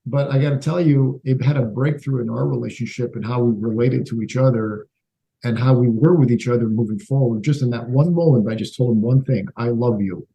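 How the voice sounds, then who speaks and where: A middle-aged man from Canada tells his stories, jumping into the voices of the people in them as he goes. His voice sits in a middle pitch and has a warm, mellow tone. It is a lively, conversational podcast delivery. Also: fairly quick, creaky, rough recording. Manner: animated storyteller who acts out quoted dialogue. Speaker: entrepreneur guest. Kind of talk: storytelling in a podcast interview.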